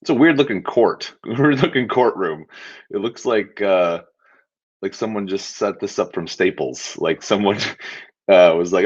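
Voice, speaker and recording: A man with a fairly low voice gives casual, wry commentary on a court clip and chuckles his way through it. The sound is dull and lo-fi, like audio from a home livestream. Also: animated, normal speed, husky. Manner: amused, wry, laughs often while mocking. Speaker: attorney and show host.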